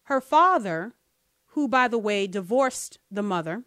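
A woman hosting a podcast, talking through political commentary in an animated, rhetorical way. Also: medium pitch, measured pace, no echo, clean studio sound. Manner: animated, rhetorical, asks listeners to bear with her. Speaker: podcast host.

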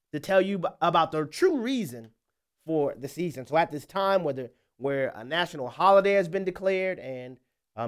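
Hoarse, chuckling radio host man. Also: fairly high pitch, a bit bright. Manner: chuckling, loose and rambling with restarts. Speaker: radio talk show host. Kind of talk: casual radio talk.

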